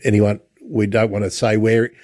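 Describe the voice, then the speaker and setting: A man hosting a casual interview, chatty, with lots of halting restarts. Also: on the low side, level tone, a little mellow, no echo. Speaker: podcast host.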